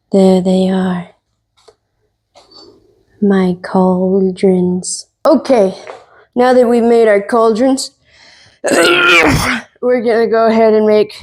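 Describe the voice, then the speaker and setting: A woman hosting a casual cooking tutorial, playful and joking with her viewers, sometimes dropping to a soft whisper. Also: mid-range voice, steady tone, takes it slowly, long pauses. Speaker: cooking vlogger.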